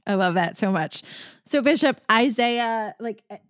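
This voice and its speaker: A woman's voice: on the high side, animated, unhurried, fairly bright tone, no room sound, studio quality. A woman hosting an interview, asking questions in a friendly, curious way. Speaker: interviewer, podcast host. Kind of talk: conversational interview.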